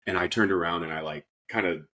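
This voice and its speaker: A man co-hosting a casual podcast, a tattoo artist telling shop stories in an animated way, laughing often and acting out what others said. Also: sits low, fast talker. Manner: animated storyteller who laughs often and acts out quotes. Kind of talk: casual chat.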